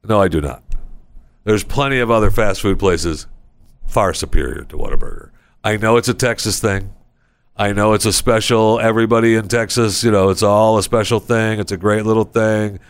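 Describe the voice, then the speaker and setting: A man's voice: fairly even intonation, normal speed, clean tone. Rambling sarcastic male podcast host. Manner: rambling, sarcastic, acts out people in high voices. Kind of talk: casual comedic monologue. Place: recording studio.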